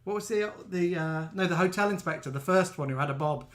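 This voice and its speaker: A man co-hosting a live chat show, chatty and jokey, reading out viewer names with quick asides. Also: high-pitched, fairly bright tone.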